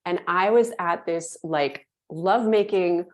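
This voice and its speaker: A woman in her thirties, a podcast guest, telling a personal story with animated delivery and acting out the inner voices she recalls. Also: on the low side, unhurried. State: moved to tears at times.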